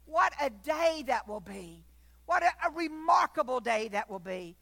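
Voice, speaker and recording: A woman's voice: sits high, lively intonation, measured pace, creaky, a bit bright. A woman preaching a sermon, fervent, at times dropping to a near whisper.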